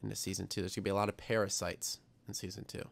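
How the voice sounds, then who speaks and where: A young man hosts a science livestream, talking very fast in a lowish, flat voice with vocal fry. He rambles casually, reads viewer comments aloud, and pokes fun at himself.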